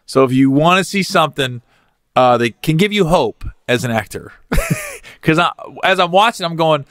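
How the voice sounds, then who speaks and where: A male comedian hosting his podcast, telling stories in an animated, profane way and laughing at his own jokes. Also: fairly high pitch, moderate pace, no echo, studio quality. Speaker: podcast host.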